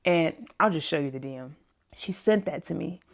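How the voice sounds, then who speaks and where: Animated woman telling a story, low-pitched. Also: moderate pace, creaky. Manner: animated, laughs often, acts out other people's lines in a higher voice. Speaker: plant-based personal chef and vlog host. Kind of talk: casual storytelling to camera.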